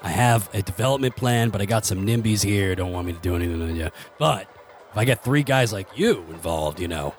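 A man's voice: on the low side, expressive, brisk, soft background music. Rambling male game master. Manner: rambling, full of fillers and restarts. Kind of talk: narrating a tabletop game.

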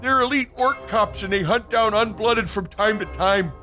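A shrill rebel chieftain, boastful, bright piercing tone, tabletop game voice. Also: male voice, moderate pace, faint music behind. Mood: rousing. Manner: brash, boastful rallying speech. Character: scheming male rebel leader rallying a coup.

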